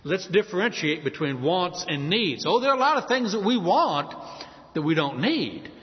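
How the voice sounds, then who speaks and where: A man preaching a sermon, his voice somewhat high and swinging widely up and down as he tells homely stories. The sound is a little dull and lo-fi, with a long reverb trailing behind him. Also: normal speed. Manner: folksy, storytelling, lively pitch.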